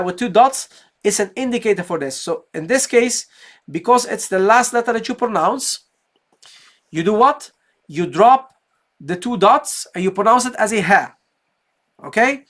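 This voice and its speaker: A woman's voice: mid-range voice, expressive, normal speed, a bit bright. A woman teaching Quran recitation in a live online lesson. She explains step by step, asks and answers her own questions, and often checks in with "okay, guys?".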